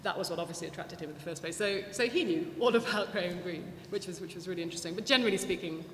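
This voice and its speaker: Rapid-fire and on the low side, a woman speaks as the guest at a public lecture built from anecdotes and audience questions. Her delivery is lively and talkative, full of false starts and fillers, and the hall around her echoes over a faint hum of background noise.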